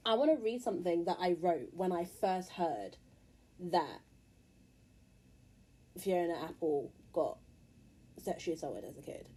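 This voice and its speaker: A woman's voice: fairly low pitch, lively intonation, unhurried, long pauses, dark tone, slightly rough. Blunt, candid British woman vlogging. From England. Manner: candid, blunt, earnest, swears freely. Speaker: musician and YouTuber. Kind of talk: casual monologue to camera.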